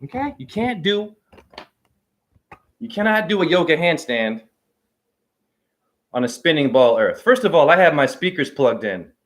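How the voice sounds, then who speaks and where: A man rambling excitedly and preachily through a livestream monologue from his apartment, jumping from idea to idea. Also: a little high, a little slow, pauses often. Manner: excitable, preachy, jumps between ideas. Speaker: self-styled spiritual teacher.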